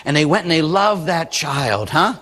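A Catholic priest preaching a sermon, an animated storyteller who acts out the voices of the people in his stories. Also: on the high side, normal speed, breathy edge, big-room sound.

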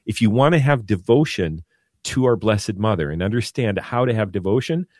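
Earnest low-voiced man, dry studio sound. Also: expressive, normal speed, darkish tone, no room sound. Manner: earnest, repeats words, laughs easily. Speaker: priest guest. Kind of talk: radio talk on devotion.

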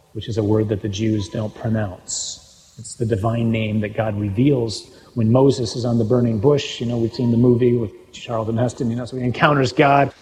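Animated preacher in a reverberant hall. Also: male voice, medium pitch. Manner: animated, reads scripture aloud and comments with wry humor. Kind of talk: sermon.

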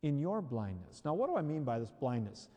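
A male preacher with a warm, mellow voice and a lively, rising-and-falling delivery. He repeats key phrases for emphasis and leans into his points. His words ring out with a long hall reverb, as if recorded in a church. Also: medium pitch, a little fast. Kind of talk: sermon.

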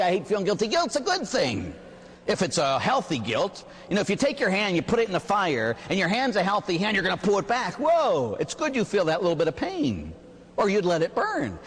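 A man, a Catholic priest, preaching a sermon and telling stories with animated emphasis. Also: a little high, a little hiss or hum. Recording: echoey hall.

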